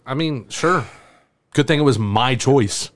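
A man's voice: medium pitch, measured pace. A young man co-hosting a podcast, trading crude teasing jokes in rowdy casual chat. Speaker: podcast co-host.

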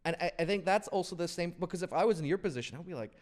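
A man's voice: high voice, lively intonation, very fast, darkish tone. A man hosting a casual interview, musing thoughtfully with dry jokes and stumbling over words. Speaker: podcast host. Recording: long reverb in room.

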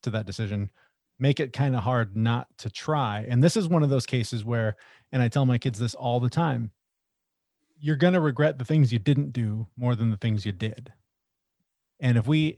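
A middle-aged man in casual podcast conversation, earnest and reflective, thinking aloud at a mid-range pitch. The sound is dry and close, with little room around it. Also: a little mellow, no room sound. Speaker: podcast co-host.

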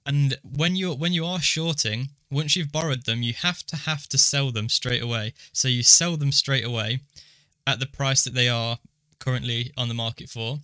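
A man's voice: mid-range voice, moderate pace, bright, forceful tone, no room sound, clean studio sound. A young man co-hosting a casual podcast, explaining things step by step. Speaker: podcast co-host.

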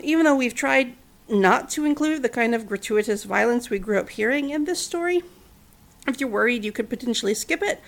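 A woman in her thirties hosts a children's story podcast. She narrates in an earnest, gentle way, her voice fairly high and gravelly. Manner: earnest, gentle, conversational asides.

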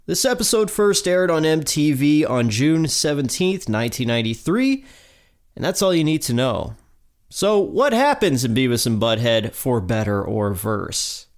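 A man with a stuffy, nasal voice hosting a casual podcast, recapping a cartoon episode. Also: medium pitch. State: stuffy nose. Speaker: podcast host.

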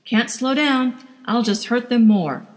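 A woman voicing a stubborn husband driving on, in a flat, clipped way. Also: a little high, measured pace, in a large hall, pitched above the performer's own voice, lightly acted. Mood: tense, stubborn.

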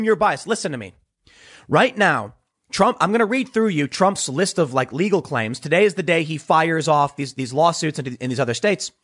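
A man's voice: fairly high pitch, fairly bright tone. A man hosting an opinionated political commentary show, talking emphatically and repeating words as he pushes his point.

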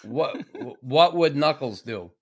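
A man's voice: medium pitch, animated, slow. Blunt Boston-accented man. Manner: blunt, profane storyteller. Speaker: podcast host. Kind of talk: casual interview chat.

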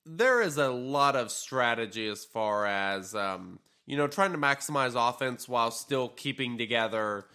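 A man's voice: medium pitch, measured pace, few pauses, clear, resonant tone. A man co-hosting a gaming podcast, talking casually and loosely with lots of fillers and some tired yawns. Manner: relaxed, rambling, frequent fillers. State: tired, yawning. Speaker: podcast co-host.

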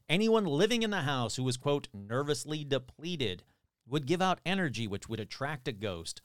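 A man's voice: medium pitch, clear, resonant tone, no room sound, studio quality. A man casually retelling a strange tale, with sarcastic, irreverent asides and the odd swear. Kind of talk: casual storytelling narration.

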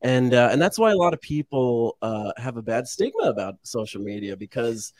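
A man's voice: mid-range voice, moderate pace. A man guest in a casual interview, telling stories with plenty of swearing and laughter. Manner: animated storytelling, swears freely, laughs often. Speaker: guest, meme page creator.

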